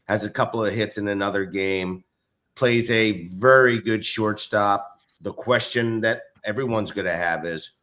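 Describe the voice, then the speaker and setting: A man's voice: lowish voice, a little slow, a bit bright. A man co-hosting a casual sports podcast, talking enthusiastically with frequent restarts. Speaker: co-host.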